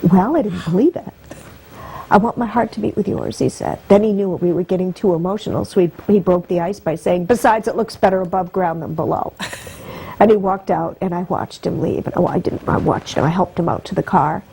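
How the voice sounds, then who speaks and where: Woman guest telling her story, emotional, voice goes up when she gets moved, soft warm tone. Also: lowish voice, a little fast, breathy edge, low-quality recording. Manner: heartfelt, voice rising and breaking with emotion.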